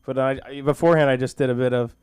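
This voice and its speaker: A man doing stand-up and a recited monologue at an open mic on a small comedy school stage, rambling and goofy with halting restarts and self-deprecating jokes. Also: medium pitch, fairly even intonation, a little mellow, a little hiss or hum. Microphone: handheld stage mic.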